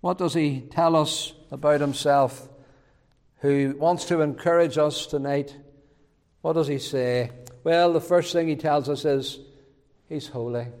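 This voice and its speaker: Slow-preaching man in a reverberant church. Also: on the high side, darkish tone. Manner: measured preaching with repeated phrases. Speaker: pastor. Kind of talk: sermon.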